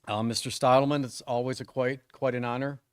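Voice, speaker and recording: A man's voice: medium pitch, flat delivery, a little fast, clean tone, no echo, studio quality. A man in his fifties, a longtime teacher and coach, giving a joking, self-deprecating acceptance speech at a school ceremony, with plenty of ums and restarts.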